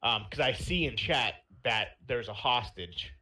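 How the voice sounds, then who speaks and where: Young male podcast host; bright, forward voice, loose chatty storytelling. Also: mid-range voice, expressive, a little slow. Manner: rambling storytelling with fillers and laughs. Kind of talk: casual chat.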